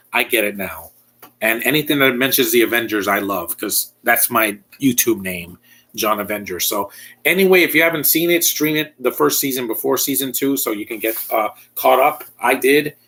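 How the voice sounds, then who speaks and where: Man, casual online reviewer, blunt opinions, rambling, stop-start phrasing, mid-pitched voice. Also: moderate pace, a bit bright. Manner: rambling and blunt, with frequent restarts. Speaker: YouTube reviewer.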